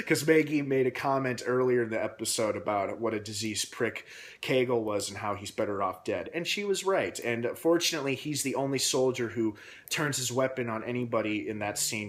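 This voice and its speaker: A man recapping a TV episode in a casual, rambling vlog with many pauses and fillers. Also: mid-range voice. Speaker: TV episode reviewer.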